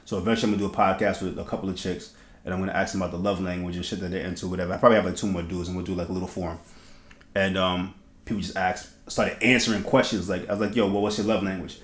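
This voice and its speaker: A man hosting a podcast, telling stories in lively casual chat with slang, swearing and laughter. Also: deep voice, rapid-fire. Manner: animated storytelling, laughing, heavy slang and swearing. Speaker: podcast host. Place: podcast studio. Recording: echoey room.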